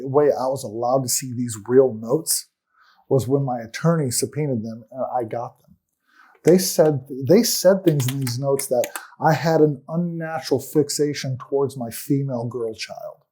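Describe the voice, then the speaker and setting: A man telling his own story in an earnest, aggrieved way as a talk-show guest. His voice is mellow and warm, set in an ordinary middle pitch, and his sentences often sink to a quiet finish. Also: normal speed, husky.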